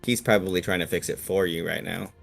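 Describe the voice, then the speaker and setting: A man narrating scenes and rules as game master of a tabletop role-playing game, in a relaxed, descriptive way. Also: low voice, brisk, creaky, soft background music.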